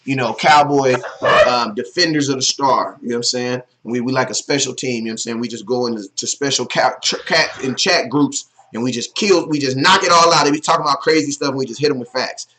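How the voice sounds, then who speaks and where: A man's voice: mid-range voice, brisk, background noise. A man hosting a live sports talk stream, chatting casually in slang and greeting viewers one by one by name.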